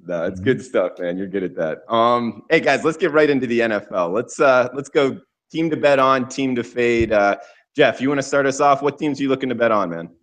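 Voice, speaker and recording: A man hosting a sports betting roundtable, introducing guests in a relaxed way. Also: medium pitch, brisk. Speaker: host. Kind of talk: casual show hosting.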